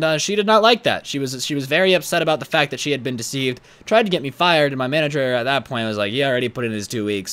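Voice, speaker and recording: A young man telling a storytime vlog in a blunt, animated, profane way. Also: medium pitch, clear, resonant tone. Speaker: YouTuber.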